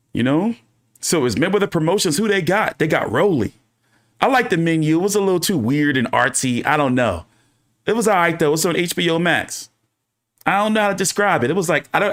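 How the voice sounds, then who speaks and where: A man hosting his own boxing channel, talking casually and ranting with lots of swearing. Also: fairly high pitch. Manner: profane, animated, ranting. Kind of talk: casual livestream commentary.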